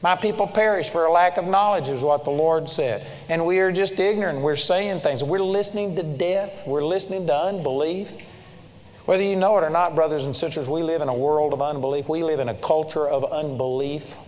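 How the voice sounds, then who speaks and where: High-voiced preacher in a reverberant hall. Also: male voice, a little fast. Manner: emphatic, swings from loud high stresses to low quiet asides. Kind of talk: sermon.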